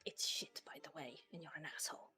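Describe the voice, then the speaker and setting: A woman's voice: low voice, fast, pushed and bright, whispered, voice pushed down. A woman voicing a resentful female servant who mutters scornful asides in a tabletop game. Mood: sulky.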